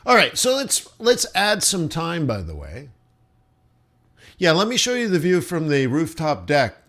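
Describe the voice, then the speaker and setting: A man hosting live market commentary, talking in an animated, blunt and mocking way. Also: fairly high pitch, a little slow. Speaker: trading show host.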